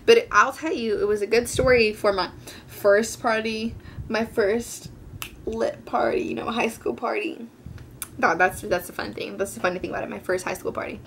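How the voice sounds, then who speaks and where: This teenage vlogger speaks at a normal speed in a medium pitch, with slight hiss or hum on the track. Her storytime for viewers is casual and meandering, packed with fillers, and she brings quoted lines to life with lively voices.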